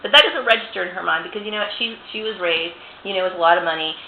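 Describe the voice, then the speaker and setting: A woman delivers an angry personal rant, profane and indignant, tossing in "you know" again and again. Her voice has a gravelly, fried edge. The sound is tinny and phone-like, with room echo and faint hiss behind it. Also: lowish voice, rapid-fire.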